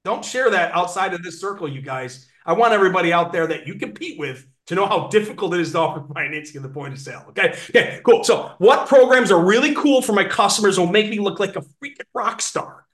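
A man giving an energetic sales training talk on a video call, animated and acting out sales pitches. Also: quick pace, hardly any pauses. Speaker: webinar presenter on sales financing.

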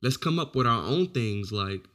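A man with a bright, forceful voice chats loosely on a podcast. He tells his stories with animation and curses freely. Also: mid-range voice, moderate pace. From Orange County, California. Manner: animated storytelling, swears freely. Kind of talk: casual chat.

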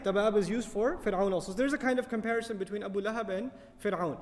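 A man giving a tafsir lecture as a Quran teacher, animated and often putting questions to his audience. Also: high-pitched, fast talker, hardly any pauses, big-room sound.

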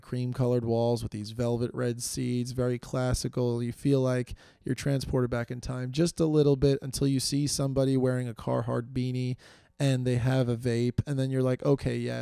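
A man's voice: medium pitch, creaky, dark tone, clear, resonant tone, no echo, studio quality. A man from New York hosting a solo podcast, rambling with lots of fillers and self-deprecating asides, tired as he goes. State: tired, fading energy. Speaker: podcast host.

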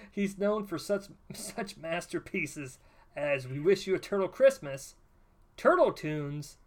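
A podcast co-host who makes dry, deadpan jokes while commenting on a cheap special. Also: medium pitch, takes it slowly. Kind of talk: casual riffing commentary.

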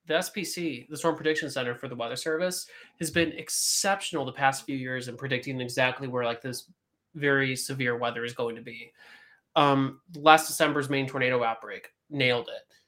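A woman who chases storms, chatting casually and swearing freely as she explains weather forecasts to her co-hosts. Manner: swearing, animated, gets louder and higher when excited. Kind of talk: casual podcast banter.

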